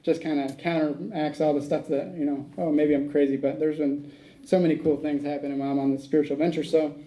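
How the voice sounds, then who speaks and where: A man's voice: fairly high pitch, flat delivery, quick pace, mellow, low-quality recording. A man speaking at a recovery meeting, telling a rambling personal story, acting out the dialogue and laughing at his own tale.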